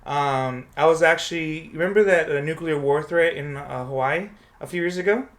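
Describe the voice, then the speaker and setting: A man's voice: a little high, moderate pace. A man hosting a podcast, chatting casually and telling stories, acting out the people he quotes. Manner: storytelling, animated when quoting people. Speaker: podcast host.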